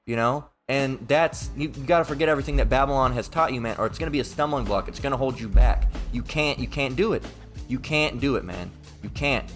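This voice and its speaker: A man's voice: medium pitch, fairly quick, soft background music. A man preaching an informal monologue, emphatic and profane, repeating himself and mimicking his opponents in quoted voices.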